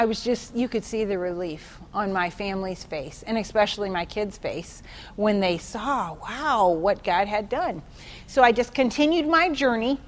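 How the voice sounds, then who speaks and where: A woman in her forties giving a personal testimony at a church meeting, telling her story with feeling and sudden high exclamations. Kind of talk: testimony sermon.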